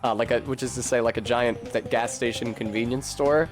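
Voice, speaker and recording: A man's voice: medium pitch, steady tone, brisk. A young man streaming a video game, rambling in casual chat with a sardonic, swearing manner. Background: faint game music.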